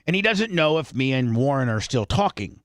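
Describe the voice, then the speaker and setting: A man hosting a radio talk show, telling a story in a rambling, animated way with many restarts. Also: mid-range voice, a little fast, no echo, clean studio sound. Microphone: studio microphone.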